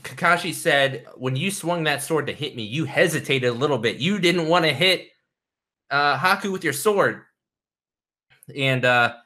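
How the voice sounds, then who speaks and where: A man talking slowly and loosely, filling gaps with "like" and "um" as he retells a story with growing enthusiasm. His voice has a bright, forward edge, and his pace stays unhurried. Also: mid-range voice. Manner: rambling, filler-heavy, enthusiastic storytelling. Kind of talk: casual chat about anime.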